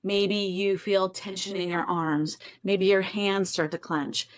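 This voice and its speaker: A woman's voice: mid-range voice, fairly even intonation, slow, no room sound. A woman therapist explaining a self-esteem technique to camera from her home office, in a conversational way with self-deprecating asides. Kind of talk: casual talk-to-camera teaching.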